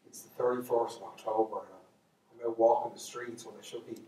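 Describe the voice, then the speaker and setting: A man's voice: on the low side, steady tone, moderate pace, warm tone, slight background noise, natural voice. An Irish man doing a cocky young playboy. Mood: alarmed. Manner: brash, swaggering. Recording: echoey hall, speaker far from mic.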